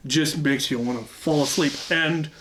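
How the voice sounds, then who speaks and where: A man hosting his own channel, telling an anecdote in a casual, lively way with frequent asides. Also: a little high, normal speed, slight background noise. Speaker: channel host telling a story. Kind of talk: casual storytelling.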